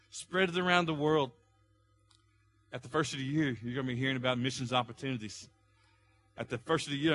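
A man preaching a sermon as pastor, building to loud, impassioned pleas and easing back to a calmer teaching tone. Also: medium pitch.

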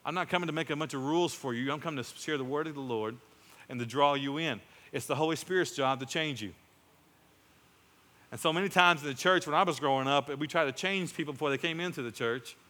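Emphatic pastor preaching in a reverberant hall. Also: male voice, on the high side, fairly quick, pauses often, bright, forceful tone. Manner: emphatic, rising to exclamations. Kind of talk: sermon.

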